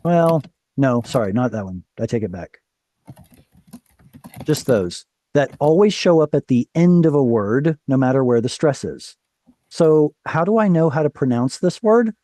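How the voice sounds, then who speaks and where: A man's voice: mid-range voice, lively intonation, unhurried, dark tone, dry recording. A man teaching a Hebrew reading class over a video call, explaining patiently, quizzing his students and correcting himself as he goes.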